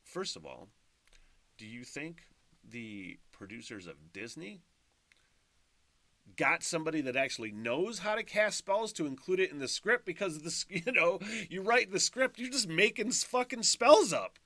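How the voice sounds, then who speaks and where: A man's voice: fairly high pitch, expressive, moderate pace, pushed and bright, no echo. A man hosting a casual solo podcast, ranting, swearing and laughing as he talks. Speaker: podcast host.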